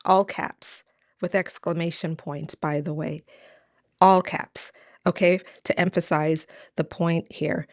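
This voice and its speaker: Low-voiced woman hosting immigration news, chatty and direct, recorded dry and close. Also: fairly even intonation, takes it slowly, no echo. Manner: chatty, many fillers, asks viewers questions. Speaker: immigration lawyer and host. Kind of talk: casual news commentary to camera.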